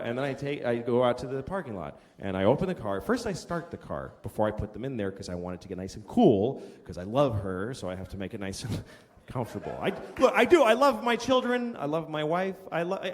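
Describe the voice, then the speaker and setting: A middle-aged man doing a stand-up routine, with a profane, deadpan confessional delivery. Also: medium pitch. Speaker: stand-up comedian. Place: large hall before a live audience. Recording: long hall reverb with background noise.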